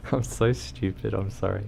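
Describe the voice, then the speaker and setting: A man's voice: deep voice, vocal fry, noisy background. A man streaming a truck driving game, chatting casually, rambling with lots of ums and reading chat aloud. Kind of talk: casual livestream chat while gaming.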